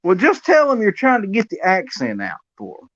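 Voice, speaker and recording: A man's voice: high-pitched, huge pitch swings, a little fast, a bit bright, highs cut off. A man hosting a casual interview, trading dry playful banter with his guest. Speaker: host.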